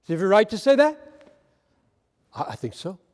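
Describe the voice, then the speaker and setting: A male preacher giving an impassioned, emphatic sermon, swinging between loud emphasis and quiet asides. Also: high voice, wildly swooping pitch, normal speed, big-room sound.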